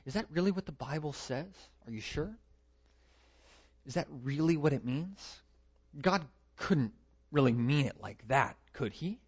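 A man voicing a sly male devil, coaxing in a soft, insinuating half-whisper. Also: a little high, animated, unhurried, slightly rough. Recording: dull lo-fi recording.

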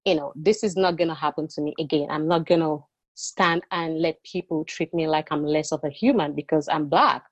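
A woman who immigrated to Canada, sharing her experiences as a podcast guest in a lively storytelling way. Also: sits low, moderate pace, dry recording, dull audio. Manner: animated, acting out quoted exchanges. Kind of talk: personal storytelling.

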